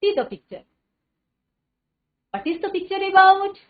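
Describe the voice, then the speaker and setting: High, lively Indian woman teacher. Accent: Indian English. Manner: encouraging, repeats phrases, recites tongue twisters fast. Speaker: headmistress teaching an English class. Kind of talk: online classroom lesson. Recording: narrow phone-like sound.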